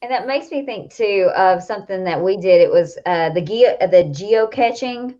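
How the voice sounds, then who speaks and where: A woman's voice: mid-range voice, animated, normal speed, mellow. A woman in her thirties with a Southern accent, chatting animatedly as a coach and co-host, often laughing. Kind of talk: casual chat. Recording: dull lo-fi audio.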